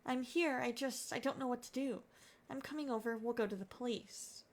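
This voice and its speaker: A woman's voice: on the high side, steady tone, moderate pace, lightly acted. A woman voicing a polite, anxious young man who speaks courteously and earnestly, reading game dialogue aloud. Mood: worried.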